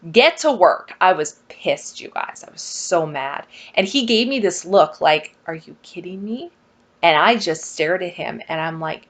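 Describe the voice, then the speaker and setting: A woman telling a personal story to her viewers in a casual vlog, animated and exasperated. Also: lowish voice. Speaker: vlogger.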